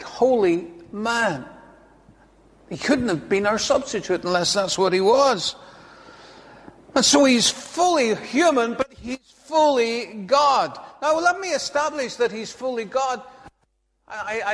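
A man's voice: sits high, a bit bright, big-room sound. A male preacher giving a sermon to a congregation, chatty, with joking asides and chuckles. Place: church hall before a congregation.

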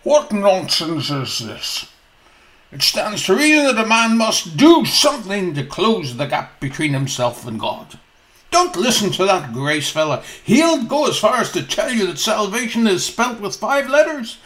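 A preacher voicing a stern, pompous male doctor who lectures slowly and emphatically. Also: high voice, very animated, a bit bright, voice pushed up, exaggerated voice. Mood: scornful.

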